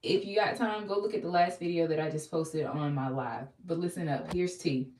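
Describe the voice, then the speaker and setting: A woman's voice: sits low, moderate pace, very noisy. A young woman giving an emphatic, preachy pep talk on a live stream. She repeats key lines and has viewers say them back in call-and-response. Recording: echoey room, far from mic.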